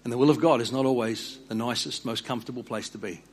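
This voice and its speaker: An earnest man preaching a sermon, repeating and restarting words and dropping quiet for emphasis. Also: mid-range voice, steady tone, fast talker, slightly rough. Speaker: pastor.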